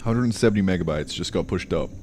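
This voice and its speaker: A man's voice: deep voice, fast, music in the background. A man thinking aloud in casual live-stream chat while he programs, mumbling along with fillers.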